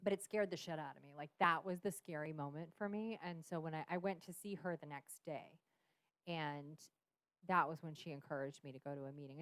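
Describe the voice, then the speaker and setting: A woman's voice: deep voice, fairly quick, a bit bright, dry recording. A woman in her thirties, a podcast guest, frankly telling a personal story with frequent swearing and laughter. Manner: frank, profane, laughs often. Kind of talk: candid storytelling.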